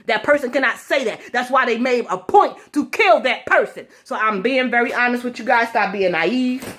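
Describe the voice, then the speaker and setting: A woman's voice: fairly high pitch, normal speed, a bit bright. Heated, profane woman ranting to camera. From United States. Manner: heated, blunt and profane, speaking directly to viewers. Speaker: vlogger. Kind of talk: angry political rant to camera.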